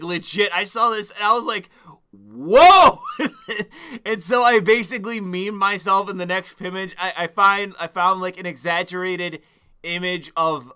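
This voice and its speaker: A young man streaming and rambling crudely, bursting into excited outbursts. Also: sits high, smooth. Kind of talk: casual stream commentary.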